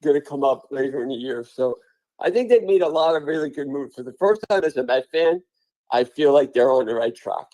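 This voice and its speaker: A man co-hosting a casual sports podcast, talking through stats in a chatty, analytical way. His voice is mellow and dark. The sound is dry and close. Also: mid-range voice, animated, brisk, no room sound, poor audio. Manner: chatty, analytical, uses fillers. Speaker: podcast co-host.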